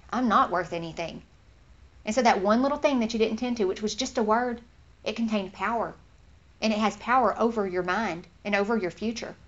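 A woman giving an informal Bible teaching in an earnest, conversational way, getting animated when she acts out what others say. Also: medium pitch. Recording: slightly dull lo-fi recording.

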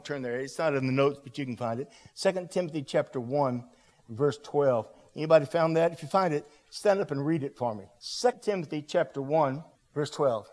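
A man preaching a sermon to a congregation in a church hall, animated and calling out to the room. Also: fairly high pitch.

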